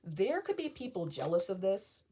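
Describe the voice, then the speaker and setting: A woman's voice: medium pitch, moderate pace, slightly rough. A woman reading tarot cards for her viewers in a casual, chatty way, often checking in with "okay?" and reassuring them not to be afraid. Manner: chatty, many fillers, often asks okay?; reassuring and calming. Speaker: tarot reader.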